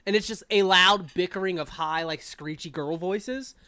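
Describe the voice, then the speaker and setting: A woman's voice: on the low side, moderate pace, sharp tone. A woman narrating as the game master of a tabletop game, casual and rambling with many fillers and restarts.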